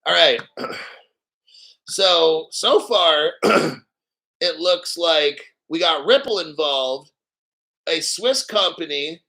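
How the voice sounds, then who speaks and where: A man hosting a live crypto stream, talking in an excitable, profane, hyped way and often clearing his throat. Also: on the high side, slow, pauses often, poor audio. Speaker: crypto livestream host.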